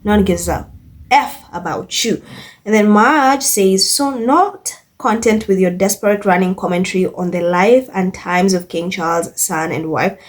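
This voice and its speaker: A woman hosts a commentary channel and reads social media comments aloud. Her voice sits at a middle pitch. She reacts to each comment with scorn and bursts of laughter. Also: unhurried.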